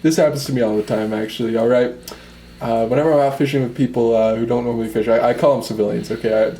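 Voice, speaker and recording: A man's voice: medium pitch, fairly even intonation, fast, warm tone, lightly acted. A man playing a brash, touchy fisherman. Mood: boastful. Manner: defensive, rambling, says okay constantly. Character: brash touchy fisherman guest, male, young adult. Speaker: interview guest. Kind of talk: improvised comedy sketch. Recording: echoey room, mic far off, faint noise.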